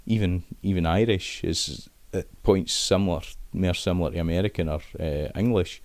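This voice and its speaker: A man's voice: sits low, moderate pace, darkish tone, dry recording. A man with a Scottish accent talking casually in an interview, chatty, with frequent restarts and dialect words. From Scotland. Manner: chatty, many restarts and fillers, dialect words like aye and wee. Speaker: Scots language expert guest.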